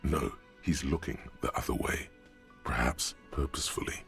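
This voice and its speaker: A man voicing a deep gravelly game narrator who talks slowly and measuredly to the player. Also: fairly bright tone, faint music behind, full character voice. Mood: ominous. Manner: slow, measured, second-person narration.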